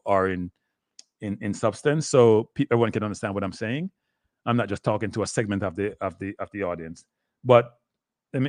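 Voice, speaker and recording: A man's voice: lowish voice, no echo. Older Jamaican man talking sports. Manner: rambling, slips into patois, keeps addressing "people". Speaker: live-stream sports show host. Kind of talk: rambling live-stream sports talk.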